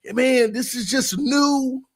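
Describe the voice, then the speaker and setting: High-voiced man ranting on a fan livestream. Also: takes it slowly. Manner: emotional, animated and confessional; casual, repeats himself for emphasis. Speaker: sports fan show host.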